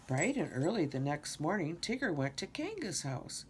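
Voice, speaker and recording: An older woman slowly reading a children's storybook aloud, with a lot of expression. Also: low voice, a little hiss or hum. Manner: slow, expressive reading with many character voices. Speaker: storybook reader.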